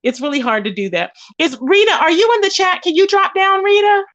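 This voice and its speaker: High-voiced chatty woman on a livestream. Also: fairly quick, a bit bright, no echo, lo-fi sound. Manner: chatty, greets viewers with pet names. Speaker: livestream host. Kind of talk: casual gossip livestream. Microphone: phone.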